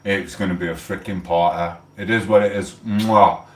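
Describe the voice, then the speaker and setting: A man's voice: low-pitched, steady tone, moderate pace. A man, rambling and swearing in a heated rant on a casual livestream. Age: 40s. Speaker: livestream host. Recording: echoey room, mic held far off.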